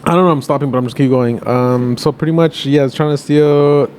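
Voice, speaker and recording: A man's voice: medium pitch, steady tone, fairly quick, a little mellow. A young man co-hosting a casual movie review podcast, rambling through plot retellings with swearing and laughter. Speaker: podcast co-host. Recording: faint background noise.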